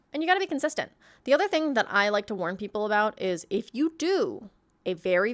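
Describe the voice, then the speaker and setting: A woman talks through advice for a roleplay group in a loose, conversational way. She rambles, leans on fillers, and laughs lightly as she goes, like an admin teaching her community. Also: medium pitch. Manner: chatty, rambling, many fillers and frequent laughs. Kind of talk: casual instructional talk.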